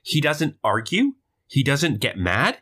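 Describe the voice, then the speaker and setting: A man's voice: mid-range voice, big pitch swings, slow pace, bright, forceful tone. A man co-hosting a podcast, recapping a movie in casual chat and acting out lines with funny voices. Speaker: podcast co-host.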